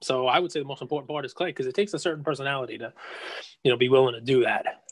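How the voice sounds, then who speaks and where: A man's voice: medium pitch, steady tone, no echo, poor audio. A man co-hosting a podcast, chatting in an easygoing way and joking around. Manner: easygoing, quick to joke. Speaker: podcast co-host. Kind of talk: casual chat.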